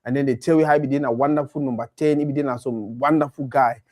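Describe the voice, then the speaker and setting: A man's voice: medium pitch, fast talker. A man with a Nigerian accent chatting animatedly about football, slipping into Pidgin. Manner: animated, mixes Pidgin with English. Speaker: co-host. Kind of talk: casual football chat.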